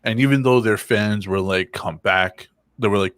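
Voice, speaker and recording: A man co-hosting a casual podcast, joking around in an animated, profane way. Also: lowish voice, moderate pace, dry recording. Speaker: podcast co-host. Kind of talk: casual chat.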